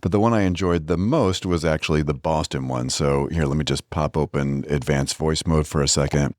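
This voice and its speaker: A man's voice: rumbling low, a little fast, darkish tone, no room sound, studio quality. A man co-hosting a podcast, chatting casually and joking while he walks through the news at length. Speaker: podcast co-host. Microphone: studio microphone, on camera.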